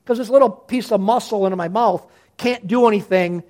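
A male pastor preaching a sermon in a lively, conversational way, often restarting his sentences. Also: high voice, normal speed.

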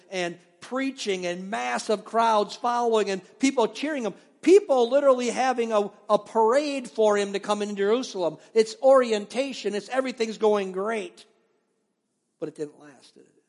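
A man preaching a sermon as a pastor, telling stories with animated swings between loud and hushed. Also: high-pitched, big-room sound. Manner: animated storytelling, acting out biblical voices, dropping to near-whispers.

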